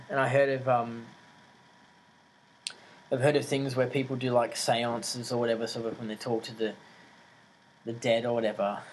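A man talking in a casual, rambling monologue, hesitant and full of fillers, animated and incredulous as he tells stories. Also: medium pitch, slight background noise, low-quality recording.

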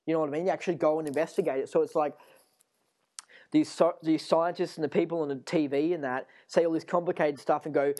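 A man's voice: fairly high pitch, steady tone, fast, mellow. A man hosting a solo podcast, talking in a rambling way with many fillers and restarts. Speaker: podcast host.

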